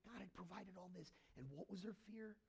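A male pastor preaching a sermon, often asking the congregation questions and swinging between hushed and emphatic delivery. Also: sits high, fairly quick, gravelly.

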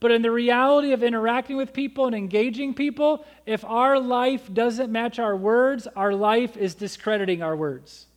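A man's voice: very high-pitched, moderate pace, hardly any pauses. A man pastor preaching a sermon, earnest and exhorting, reading scripture aloud and acting out people's excuses.

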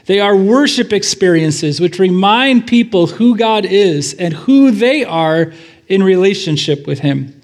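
A man's voice: high voice, animated, measured pace. A man pastor giving a sermon in a church, praying and then preaching in a conversational way with fillers and asides.

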